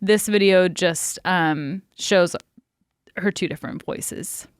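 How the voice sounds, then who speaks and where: A woman's voice: lowish voice, slow, smooth, no room sound, studio quality. A young adult woman co-hosting a podcast, telling a story in casual chat, blunt, laughing often and swearing freely. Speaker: podcast co-host.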